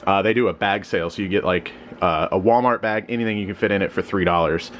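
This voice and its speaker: A man's voice: fast talker, a little hiss or hum. Sleepy rambling young man. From Missouri. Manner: rambling, filler-heavy, animated jumps in pitch. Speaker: eBay reseller vlogger. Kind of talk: casual chat.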